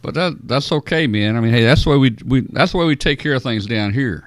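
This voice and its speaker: A man hosting a casual radio roundtable, folksy and often clearing his throat. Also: medium pitch, animated, fast talker, dry recording. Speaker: host.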